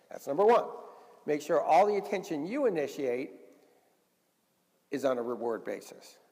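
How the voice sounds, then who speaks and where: A man's voice: on the high side, a little mellow, in a large hall. A man teaching a dog obedience class, explaining step by step and often checking in with "okay?". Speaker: dog trainer.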